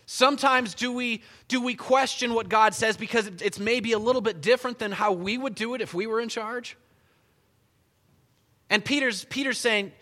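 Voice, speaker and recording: A pastor delivers a conversational, animated sermon, storytelling as he goes. His voice is higher than most men's and bright, with a forceful edge. A long reverb from the sanctuary trails behind him. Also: normal speed. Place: church sanctuary.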